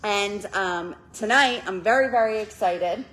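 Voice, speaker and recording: A woman's voice: mid-range voice, measured pace, a bit bright, poor audio. A woman leading a recovery group meeting in a church room, giving chatty announcements and a heartfelt introduction, with many fillers.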